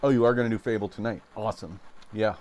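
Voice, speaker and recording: Relaxed low-voiced man streaming retro games. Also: fast talker. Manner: relaxed, chatty, laughs easily. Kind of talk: casual live-stream chat while playing.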